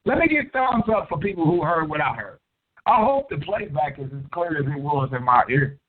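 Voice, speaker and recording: A man's voice: a little high, big pitch swings, a little fast, slightly rough. A man hosting a call-in show, confrontational and profane, grilling a caller. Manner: profane, combative, interrogating. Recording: tinny phone-line audio.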